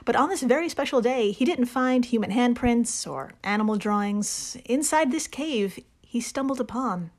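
Woman podcast co-host, fairly high voice, playful and laughing, casual swearing storyteller. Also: lively intonation, normal speed, hardly any pauses. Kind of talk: casual chat.

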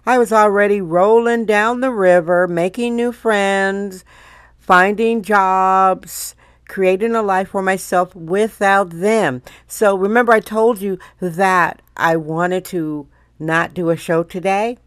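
An older woman from Wisconsin hosting her own podcast, chatting in a playful, theatrical way with big swoops in pitch. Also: steady tone, slow pace, smooth, no room sound, studio quality. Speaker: podcast host. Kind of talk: casual solo podcast monologue.

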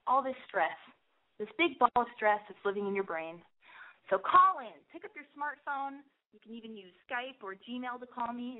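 A high-voiced woman hosts a call-in advice show with a noticeable lisp. She rambles brashly and swears freely, full of restless energy. Her voice comes through thin and tinny, as if over a phone line.

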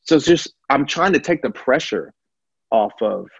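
A husky-voiced man, a pastor, speaks candidly in conversation, getting louder and higher when he presses a point. The recording is dry and a little dull. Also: expressive, normal speed, no room sound. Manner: impassioned, rising loud and high when stirred.

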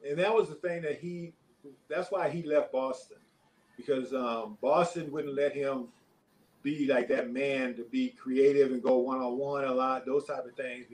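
An older man, a former pro basketball player, telling stories in a relaxed interview, rambling with many fillers and chuckles. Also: mid-range voice, unhurried, low-quality recording. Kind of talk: casual interview storytelling.

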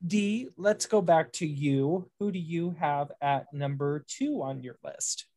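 A man's voice: a little high, slow pace, warm tone. A man hosting a casual podcast chat, laughing often and moving things along with questions for his co-hosts. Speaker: podcast host.

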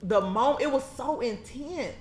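A woman hosting a casual chat, talking animatedly, laughing often and acting out quotes in a high voice. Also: lively intonation, measured pace. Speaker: podcast host. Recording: echoey room with faint noise.

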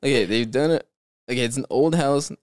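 A man's voice: mid-range voice, fairly quick, darkish tone, no echo. A man hosting a podcast, chatting casually with lots of fillers and laughs, then reading stories aloud. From California. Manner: laughs often, rambling with fillers. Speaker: podcast host.

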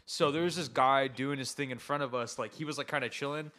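A young man in casual conversation, telling stories in an animated way, laughing often and acting out what people said. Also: medium pitch, a little fast. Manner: animated storyteller, laughs a lot, acts out quotes loudly. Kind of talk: casual chat.

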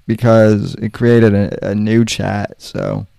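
Slow-talking man with a smooth voice. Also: on the low side, flat delivery, dark tone, no room sound. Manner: slow and deliberate, with frequent pauses and fillers. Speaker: podcast host. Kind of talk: casual call-in chat.

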